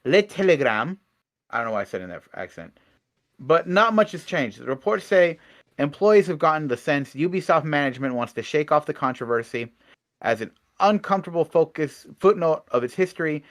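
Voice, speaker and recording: A young man co-hosting a casual online show, reading gaming news and adding sarcastic, animated asides, his voice swinging from loud to soft. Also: a little high, fairly quick. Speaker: co-host.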